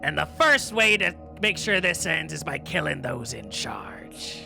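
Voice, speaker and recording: A man's voice: a little high, very animated, unhurried, creaky, music in the background, full character voice. A man voicing a small, frothing, angry male gnome who rants and threatens. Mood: threatening. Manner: threatening, ranting.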